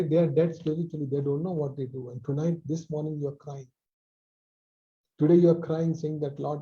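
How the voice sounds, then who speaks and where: A man preaching a sermon over a video call, repeating phrases with emphasis and dropping softly at line ends. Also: fairly high pitch, muffled recording. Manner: repetitive, emphatic with soft drops.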